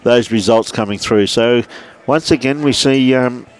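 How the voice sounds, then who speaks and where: A man's voice: medium pitch, a little slow. A man with an Australian accent commentating a lawn bowls livestream, chatty and matey, greeting viewers by name from behind a glass window. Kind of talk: live sports commentary with viewer shout-outs. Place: indoors behind a glass window beside the green.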